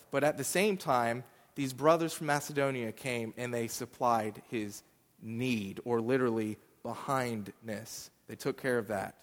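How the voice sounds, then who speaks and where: A man's voice: medium pitch, long reverb tail. A man giving a sermon, explaining scripture in a conversational way with fillers. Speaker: pastor. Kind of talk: sermon teaching.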